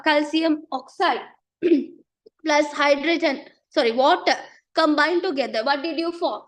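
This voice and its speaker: A woman teaching a chemistry lesson, repeating herself and often checking understanding, losing her voice and clearing her throat. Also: sits high. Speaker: chemistry tutor. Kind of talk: online class teaching.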